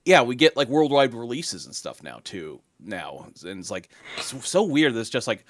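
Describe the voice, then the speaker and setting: A man's voice: mid-range voice, sing-song, moderate pace, fairly bright tone, no room sound, studio quality. A man on a gaming podcast, chatting casually and rambling with lots of fillers. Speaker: podcast panelist. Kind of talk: casual chat.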